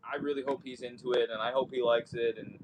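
Podcast guy telling a lively story bout his kid, lots of hiss behind him. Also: medium pitch, fast talker. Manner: animated storyteller, playful baby voices in quotes. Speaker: podcast co-host. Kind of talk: casual podcast chat. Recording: noticeable background noise.

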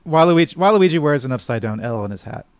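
Gravelly guy in his 30s hosting a chat, lively pitch, lots of uhs and laughs. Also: quick pace, no room sound. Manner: laughing, hesitant with fillers. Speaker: podcast co-host. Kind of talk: casual chat.

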